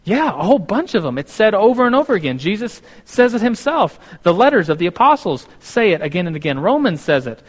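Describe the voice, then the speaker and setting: Young guy teaching church stuff, kinda high voice, acts out little back-and-forths, reverby hall. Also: a little fast, hardly any pauses. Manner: animated, acts out both sides of imagined conversations. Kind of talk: casual church teaching talk.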